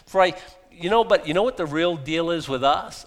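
A middle-aged man preaching a sermon in a casual, conversational way, with sarcastic asides and quick jumps in loudness. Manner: conversational, sarcastic asides, animated swings in pitch and volume. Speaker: pastor.

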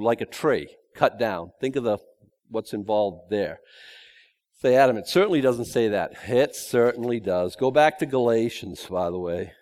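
A man's voice: medium pitch, a little mellow. A man preaching a verse-by-verse sermon in a conversational way, with joking asides and emphatic repetition. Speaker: pastor. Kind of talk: expository sermon.

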